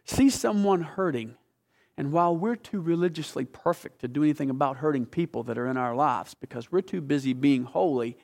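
Impassioned high-voiced male preacher. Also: brisk, vocal fry. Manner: passionate, swings between hushed and loud; conversational, asks the audience questions. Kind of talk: sermon.

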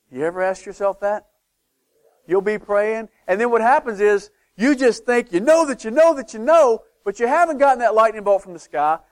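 Male preacher delivering a sermon, somewhat high pitch, animated with sudden quiet passages. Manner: animated, swings from loud to hushed, acts out doubters' voices.

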